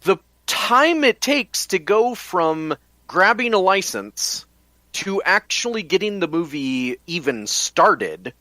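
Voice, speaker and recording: A man co-hosting a casual podcast, explaining his points in a measured way. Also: sits high, sharp tone, no echo. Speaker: podcast co-host.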